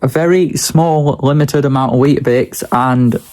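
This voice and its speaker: A man's voice: mid-range voice, measured pace, darkish tone. A young man, talking casually and bluntly in a daily vlog, ranting with a lot of swearing. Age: young adult. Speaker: vlogger.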